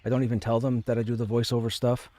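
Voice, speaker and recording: A man's voice: mid-range voice, flat delivery, quick pace, warm tone. A man streaming a game from home, chatting casually and rambling, often repeating his phrases. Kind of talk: casual chat.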